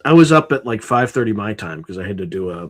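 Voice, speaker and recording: A man's voice: on the low side, animated, fast talker. A man hosting a live stream, tired and yawning, reading through a list in a casual, offhand way with sarcastic asides. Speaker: livestream host.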